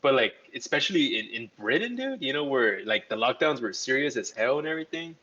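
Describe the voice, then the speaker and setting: A man's voice: mid-range voice, big pitch swings, brisk, sharp tone. Laid-back young man, dull lo-fi sound. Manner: laid-back, calls people dude. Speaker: podcast co-host. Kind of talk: casual podcast chat.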